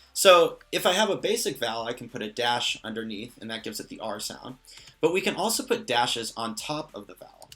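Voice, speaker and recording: Male teacher, bright clear voice, patient and jokey, casual explainer, soft music under. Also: mid-range voice. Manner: patient, explanatory, lightly joking. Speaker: language teacher. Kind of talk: casual lesson explaining a constructed language.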